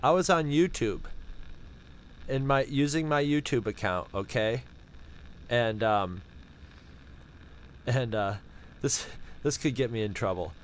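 In a rough recording with slight background noise, a podcast co-host speaks slowly with long pauses in a medium-pitched voice. He tells a sarcastic, profane story in casual chat, animated and rambling with restarts.

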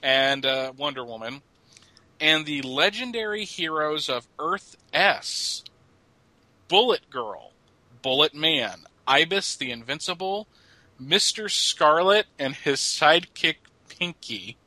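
A man's voice: on the high side, expressive, slow pace, bright, forceful tone, dry recording, low-quality recording. A middle-aged man co-hosting a podcast, chatting casually about comics and joking as he reads. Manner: joking, laughs at his own lines. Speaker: podcast co-host.

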